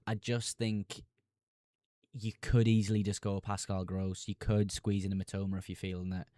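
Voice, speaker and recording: Mackem-accented man, low dry voice. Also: a little mellow, no echo. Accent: Sunderland (Mackem). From Sunderland, North East England. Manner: casual, chummy, reads a question aloud then answers briskly. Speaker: fantasy football streamer host. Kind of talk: live stream Q&A, reading chat questions.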